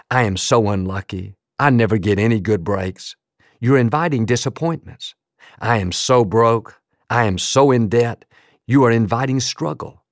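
A man delivers a sermon in an emphatic, rhythmic cadence, lingering slowly on repeated phrases. His voice sits at an ordinary middle pitch. The sound is dry and close, with no room echo. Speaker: pastor.

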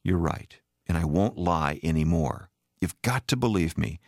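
A man's voice: low voice, animated, measured pace, vocal fry, darkish tone, no room sound, studio quality, heavily acted. A man voicing a begging, remorseful husband. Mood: pleading. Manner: begging, emotional. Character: remorseful pleading unfaithful husband.

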